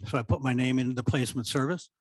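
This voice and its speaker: Older Midwestern man, retired theatre director; lively raconteur who voices the people in his stories; dry close sound. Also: mid-range voice, racing, no room sound. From American Midwest. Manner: animated storyteller who acts out quoted speech. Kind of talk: storytelling reminiscence at a talk.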